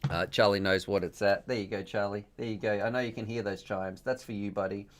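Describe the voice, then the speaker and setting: Reading donations and messages aloud on his live stream, this host rambles casually, expresses thanks and laughs frequently. He talks fairly quickly in a fairly low, steady voice.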